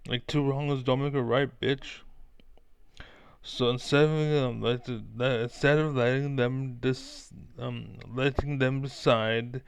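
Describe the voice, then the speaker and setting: Gravelly man ranting at a clip. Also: medium pitch, fairly even intonation, slow. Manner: profane, heated and exasperated. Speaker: streamer. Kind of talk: ranting reaction commentary.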